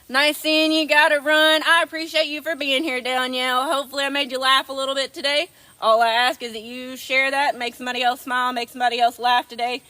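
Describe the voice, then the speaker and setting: A woman's voice: high voice, steady tone, brisk, bright, forceful tone, no echo. A woman hosting a casual livestream, affectionately greeting viewers as darling. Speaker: livestream host.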